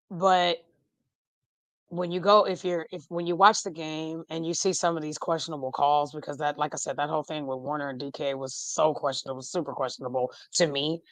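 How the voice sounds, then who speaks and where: A woman, a podcast guest chatting casually about football, animated and laughing often, trailing off mid-thought. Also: low-pitched, moderate pace, dry recording. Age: 40s. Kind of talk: casual fan chat.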